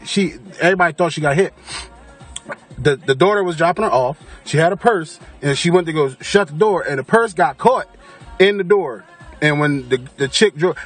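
A man's voice: on the high side, husky. A man casually telling a story to his camera, cursing freely and acting out the voices of the people in it. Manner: animated, profane, acts out quoted voices. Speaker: vlogger.

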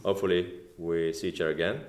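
A man from Estonia with an Estonian accent and non-native English, giving a speech at a formal dinner with many halting "like"s and "uh"s. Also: sits low, little pitch movement. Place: banquet room at a formal dinner. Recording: echoey dining hall.

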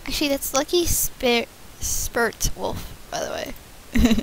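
A high-pitched woman hosting a casual gift-opening vlog. She chats excitedly and thanks her viewers one by one, with a faint hiss behind her. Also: slow pace, gravelly, poor audio. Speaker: channel host.

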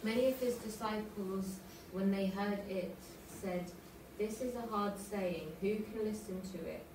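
A woman's voice: medium pitch, measured pace, background noise. A woman from the audience reading scripture aloud carefully. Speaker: reader in the audience. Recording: very echoey church from far off.

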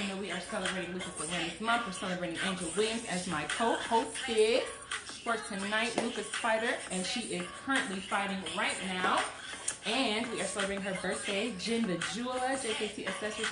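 Brief: woman host of a live online party, upbeat, in an echoey room with loud music. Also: mid-range voice. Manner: upbeat, encouraging, quick to react. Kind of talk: live stream hosting.

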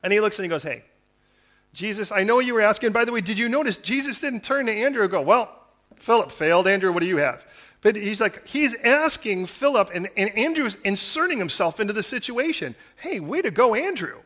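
A man, a pastor, preaching a conversational sermon, acting out the words of biblical figures and moving between quiet asides and loud, fervent appeals. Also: high voice, animated, brisk.

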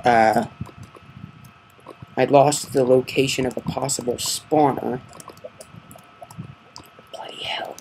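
A man talks through his game session in a casual commentary voice. He swings between hushed muttered swearing and sudden loud, exasperated outbursts. His voice sits at an ordinary middle pitch over a faint hiss. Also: steady tone, takes it slowly, pauses often, low-quality recording. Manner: muttering curses under his breath, then loud outbursts. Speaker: gamer narrating his gameplay. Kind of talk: casual Let's Play commentary.

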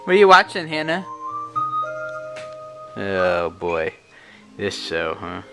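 A young father chatting casually for a family vlog, bursting into excited high baby talk with his kids. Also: takes it slowly, gravelly, loud music behind the voice.

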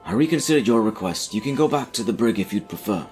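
A man's voice: on the low side, expressive, darkish tone, soft background music, lightly acted. A man voicing a swaggering, sly pirate captain who talks down to his captives. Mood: commanding. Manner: mocking, commanding, drawn-out sea-dog talk.

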